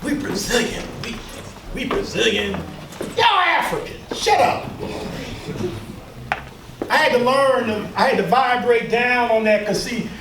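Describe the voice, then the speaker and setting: A man's voice: very high voice, fairly bright tone, distant mic. Man preaching at a crowd, call and response, echoey room, mic way off, some hiss. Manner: emphatic, preacher-like, with call-and-response and mocking asides. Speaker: workshop leader and speaker. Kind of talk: lecture to a live audience.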